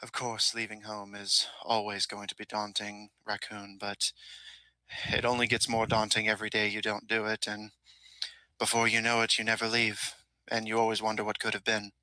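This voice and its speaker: A man playing a gentle, wistful elf father. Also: on the low side, completely flat delivery, normal speed, no echo, low-quality recording. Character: kindly adult male elf adoptive father.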